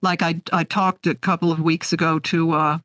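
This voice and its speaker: A woman in her sixties, an author being interviewed, telling stories in an animated, heartfelt way. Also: sits low, moderate pace, dry recording, studio quality. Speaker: author guest. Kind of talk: conversational interview.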